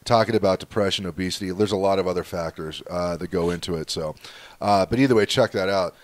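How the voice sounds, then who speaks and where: A man hosting a podcast, chatting casually in a rambling, animated way, cursing and laughing as he tells stories. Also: sits low, fast talker, no room sound. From Southern California. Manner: rambling, animated storytelling, swears, laughs often. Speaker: podcast host. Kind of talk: casual chat.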